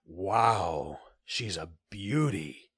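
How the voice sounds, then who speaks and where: A man's voice: mid-range voice, wildly swooping pitch, takes it slowly, gravelly, bright, forceful tone, dry recording, clean studio sound, heavily acted. A man voicing a bewildered, nervous father in an audiobook, sounding astonished and unsure. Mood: awed, nervous. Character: bewildered middle-aged father. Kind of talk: audiobook character voice.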